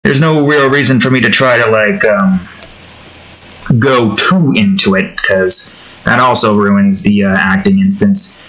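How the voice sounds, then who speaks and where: A man's voice: mid-range voice, pushed and bright, rough recording. A man chatting casually while he draws, in a rambling, improvised and self-deprecating way. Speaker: YouTube artist. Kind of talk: casual commentary while drawing.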